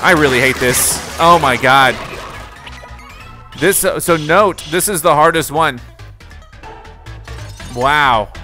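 Speaking slowly with long pauses, this man has a slightly high voice as he commentates a let's-play of his own game for his gaming videos. Under pressure he reacts loudly, yelping and exclaiming when things go wrong, while music plays underneath.

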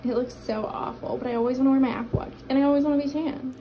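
A woman's voice: sits high, fairly even intonation, very fast, warm tone. A young woman in her twenties chatting casually to camera at home, with lots of fillers. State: out of breath. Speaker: vlogger. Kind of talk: casual vlog chat. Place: at home in an apartment. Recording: home camera audio with clear background noise.

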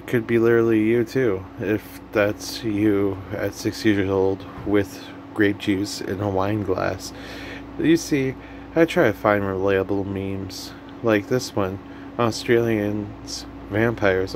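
A man's voice: lowish voice, background noise. A young man hosting a comedy video, rambling through memes in a goofy, self-mocking way. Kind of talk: casual meme commentary.

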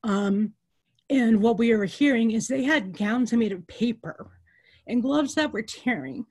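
A woman who works as a nurse and represents nurses, speaking earnestly and with emotion at a virtual town hall, with pauses and fillers. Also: on the high side, expressive, a little mellow, breathy edge.

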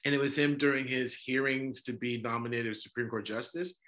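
A man's voice: medium pitch, steady tone, fairly quick, a bit bright. A man who is a priest, hosting a podcast discussion and speaking with passion through many rhetorical questions. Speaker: Orthodox priest and podcast host.

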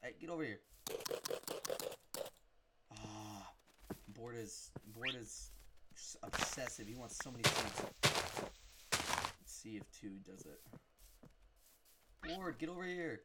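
Jumpy gamer, lively pitch, noisy recording. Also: slow pace, pauses often. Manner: jumpy, talks to the game. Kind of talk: let's play commentary.

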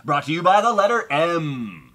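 Brief: booming radio announcer, bright and lively, as a man puts him on. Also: moderate pace, full character voice. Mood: announcing. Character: smooth male radio announcer.

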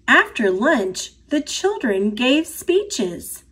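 American lady reading picture books to kids, high voice, takes it slow. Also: breathy edge. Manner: expressive, sing-song storytelling. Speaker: storybook reader. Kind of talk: picture book read-aloud.

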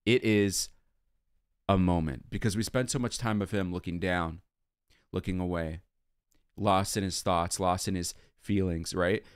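A man's voice: low-pitched, measured pace, clear, resonant tone, no room sound, clean studio sound. A man hosting a music video reaction, talking casually and gushing about what he sees and hears. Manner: animated, gushing, hums along to the melody.

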